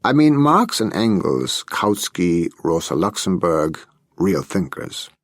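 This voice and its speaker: Guy doing a know-it-all party economist, talks up a storm, bouncy pitch. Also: sing-song, slow, no echo, studio quality, full character voice. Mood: lecturing. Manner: talkative, confident, lecturing. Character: chatty, self-assured male party economist.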